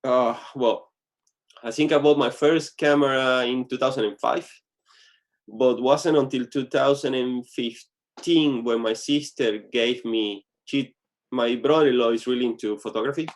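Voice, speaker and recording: A man's voice: medium pitch, fairly even intonation, unhurried. A man being interviewed as a guest photographer, talking casually and often restarting his sentences with small slips.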